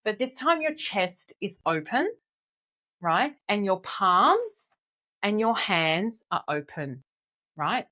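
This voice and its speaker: A woman in her forties, a confidence coach, calmly and encouragingly guiding listeners step by step through an exercise. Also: medium pitch. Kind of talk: guided exercise instruction.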